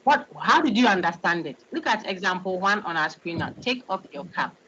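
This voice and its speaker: A Ghanaian woman lecturing a large online class has a pushed, bright voice on the low side, animated and fairly quick. This university lecturer repeats words and asks "okay?" as she explains, and her dull lo-fi call audio has a little hiss or hum.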